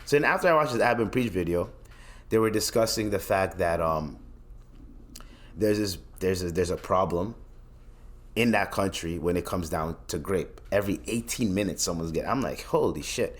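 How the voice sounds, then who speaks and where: A man's voice: low-pitched, moderate pace. A young man from Canada hosting his own podcast, ranting bluntly and profanely in casual solo commentary, often restarting his sentences. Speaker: podcast host.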